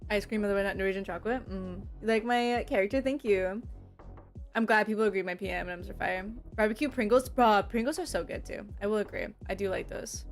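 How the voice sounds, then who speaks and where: A woman's voice: medium pitch, quick pace, faint music behind. A young woman streaming as a VTuber, chatting casually with her viewers, rambling and laughing often. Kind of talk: casual livestream chat, reading and answering chat.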